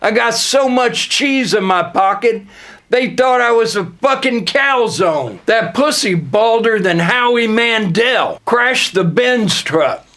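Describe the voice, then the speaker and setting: A young man delivering an absurd, deadpan, boastful comedic monologue in the manner of a rap persona. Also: very high voice. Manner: deadpan boastful non sequiturs, slow drawl.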